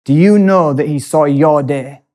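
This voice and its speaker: A man's voice: on the high side, measured pace, darkish tone, lightly acted. A man imitating a male church apostle who preaches in an earnest, pleading way with a quiver in his voice. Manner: earnest, pleading sermon delivery.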